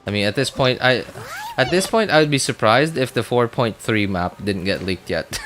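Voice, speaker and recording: A man's voice: mid-range voice, lively intonation, moderate pace, fairly bright tone, soft background music. A man streaming a video game and chatting casually, rambling and often cutting himself off mid-sentence. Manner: rambling, self-interrupting, chatty. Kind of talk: casual gameplay commentary.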